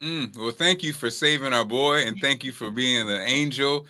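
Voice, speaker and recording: A man's voice: mid-range voice, moderate pace, bright, forceful tone. A man hosting a talk show, asking the guest questions and affirming her answers. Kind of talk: casual talk show chat.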